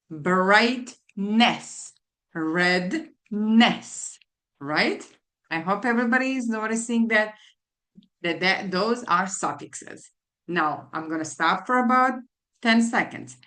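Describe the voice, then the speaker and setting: A woman tutor teaching a phonics lesson to children, spelling out letters and repeating each word slowly. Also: medium pitch, a bit bright. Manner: slow, deliberate, spelling out letters and repeating words. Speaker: literacy tutor.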